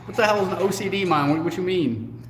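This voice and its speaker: A man's voice: high voice, quick pace. A man co-hosting a casual livestream, reading viewer comments aloud and answering them in a joking, laid-back way with casual swearing. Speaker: co-host. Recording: echoey room with faint noise.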